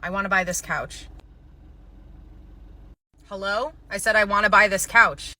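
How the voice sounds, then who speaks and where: A woman's voice: medium pitch, steady tone, a little slow, pushed and bright. A woman playing an entitled, pushy female customer who insists on her demands and repeats herself. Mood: demanding.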